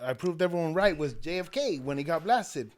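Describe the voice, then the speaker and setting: A man guest on a podcast chats in a laid-back, slangy way and jokes along with the host. His voice sits a little higher than most men's. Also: expressive, fairly quick. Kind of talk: casual podcast chat.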